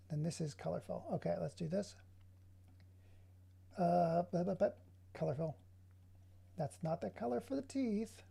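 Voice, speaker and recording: A slightly high, gravelly voice with a dark tone and a breathy edge belongs to a man talking through his digital art work in a relaxed way. He keeps drifting into sarcastic, long-winded asides.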